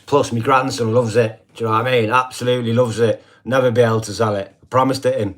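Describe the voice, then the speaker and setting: A man's voice: medium pitch, steady tone, quick pace. An older man, chatting casually on a live stream, rambling and swearing constantly and checking in with the listeners every few lines. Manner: rambling, heavy swearing, constant "do you know what I mean".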